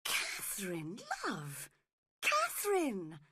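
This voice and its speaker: Woman voicing a polite, gentle young gentleman. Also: sits high, big pitch swings, takes it slowly, no room sound, voice pushed up, full character voice. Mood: hurt. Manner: polite, pleading.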